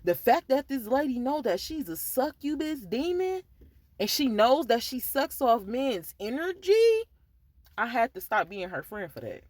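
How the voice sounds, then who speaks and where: A woman's voice: on the high side, big pitch swings, unhurried, a little mellow, dry recording. Woman doing a chatty advice podcast for guys, dry close mic, keeps saying you feel me. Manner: candid and conversational, full of asides like "you feel me". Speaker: podcast host giving dating advice to men. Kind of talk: casual advice talk.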